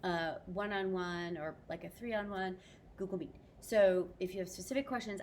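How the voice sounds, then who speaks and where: Speaking at a normal pace in a lowish voice, a woman teaching French records a cheerful video lesson, weaving French expressions into her English explanations. Background noise can be heard.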